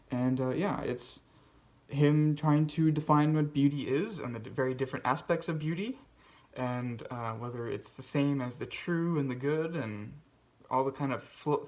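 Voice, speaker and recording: Man, book video host, casual chatty talk, rambling with fillers and restarts, mid-pitched voice. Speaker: BookTube host.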